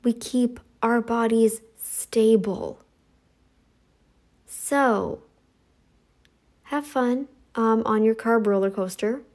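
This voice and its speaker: A middle-aged woman delivers a sassy, scolding monologue, talking back to her critics. Her voice sits a little high, and she takes her time, drawing out her words. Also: extremely slow, long pauses, a little mellow. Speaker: commentary channel host. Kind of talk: reaction commentary monologue.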